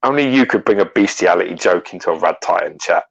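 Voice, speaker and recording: Male host, very low, gravelly voice, blunt, swearing banter. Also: animated, quick pace. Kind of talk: casual livestream chat. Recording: muffled stream audio.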